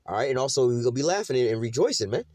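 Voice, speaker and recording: A Bible teacher street-preaches on scripture in a loose, profane, slangy rant, dropping "man" into nearly every sentence. His mid-range voice is sing-song, rapid-fire and a little mellow. There's no room sound.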